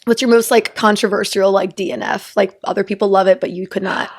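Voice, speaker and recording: A woman's voice: mid-range voice, fairly even intonation, a little fast. A woman co-hosting a podcast, playful and giggly, cracking jokes in casual chat. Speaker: podcast co-host.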